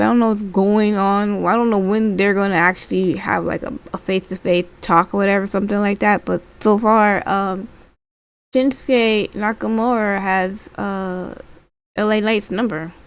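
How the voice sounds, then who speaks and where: A woman's voice: medium pitch, moderate pace, clear, resonant tone. A woman recapping wrestling in a casual, rambling way, with lots of fillers and restarts. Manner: acts out quotes in a lively voice.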